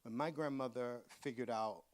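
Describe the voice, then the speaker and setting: A man who is an author, telling comic stories to a live audience at a museum event in an animated, campy way and acting out the voices. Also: medium pitch, moderate pace. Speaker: author giving a book talk.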